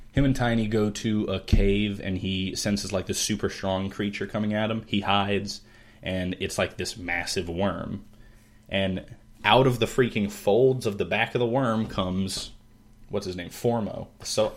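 Man, lower register, casual podcast storyteller; animated, laughs easily, does voices for characters. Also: a little slow. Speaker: podcast co-host retelling a novel. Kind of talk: casual chat.

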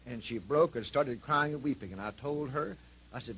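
A man's voice: mid-range voice, normal speed, fairly bright tone, slightly rough, low-quality recording. A male preacher delivering a sermon with folksy, repetitive storytelling and emphatic lines.

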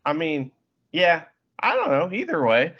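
Laughing man with a lively, higher voice. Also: unhurried, gravelly, husky, muffled recording. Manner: laughs often, swears casually. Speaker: podcast co-host. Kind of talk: casual wrestling recap chat.

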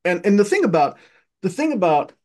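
Brisk and animated, a middle-aged guest of Armenian family, raised in Egypt, recounts his childhood in loose conversational storytelling. He frequently restarts phrases and repeats words, and his pitch jumps up whenever he acts out what he or others said, including himself.

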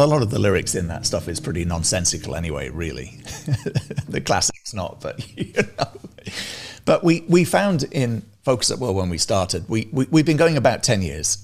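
A man being interviewed over a video call, talking casually and animatedly about his music service, often restarting his sentences. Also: low-pitched. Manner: animated, restarts often, laughs between points. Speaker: guest, music service founder.

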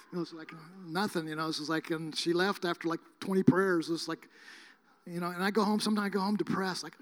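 A man preaching a sermon, telling healing stories in a rambling, casual way with many fillers and restarts, sometimes rising to near shouting. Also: sits high, steady tone, fast. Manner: emphatic, rises to near shouting at times. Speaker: guest preacher.

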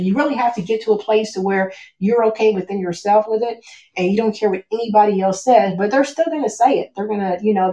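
A woman's voice: mid-range voice, mellow. A woman from the United States talking about her background as a guest, reflective and full of "you know" and "like" fillers. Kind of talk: casual conversation. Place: at home with a cat. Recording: roomy echo.

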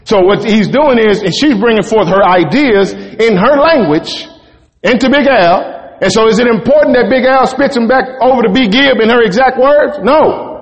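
A man's voice: extremely high pitch, moderate pace, big-room sound. A man preaching a sermon in a conversational way, often asking the congregation "right?".

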